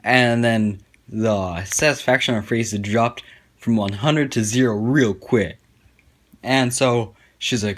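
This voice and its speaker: A man's voice: medium pitch, fairly even intonation, measured pace, fairly bright tone. A young man telling a sarcastic, profane story as casual commentary over gameplay. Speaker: gaming commentator.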